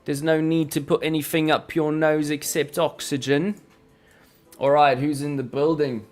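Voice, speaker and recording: A man hosts a casual crypto trading livestream, teaching chart reading in a playful, jokey, chatty way full of fillers, with faint music in the background. His voice is on the high side, delivered flatly at a moderate pace.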